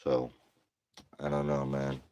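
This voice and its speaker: A man's voice: extremely low pitch, monotone, takes it slowly, dark tone, slight background noise. A tired man venting to camera in a slangy, profane monologue, worn down and getting heated. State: exhausted.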